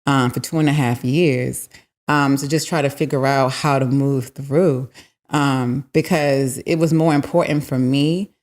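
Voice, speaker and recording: A woman guest on a podcast, talking candidly and emphatically about a painful time, repeating phrases and filling pauses with "um" and "like.". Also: extremely low pitch, steady tone, darkish tone. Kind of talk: candid conversational storytelling.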